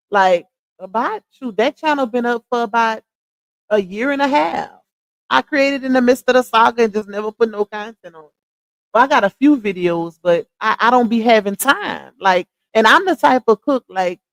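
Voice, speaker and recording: A woman's voice: on the high side, dry recording. A young woman with a Louisiana Southern accent, chatting casually with her livestream viewers and laughing often. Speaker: livestream host.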